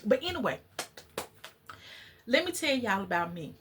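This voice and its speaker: A woman's voice: on the high side, big pitch swings, normal speed, a bit bright, slight background noise. A woman vlogger in casual, preachy chat with her viewers. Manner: chatty, preachy, talks to viewers as y'all. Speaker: channel host.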